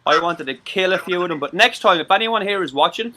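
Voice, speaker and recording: A man's voice: high voice, lively intonation, fast, sharp tone, a little hiss or hum. An Irish man from Ireland chatting on a live-stream talk show, rambling and swearing, with many stammered restarts. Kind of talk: casual live-stream chat.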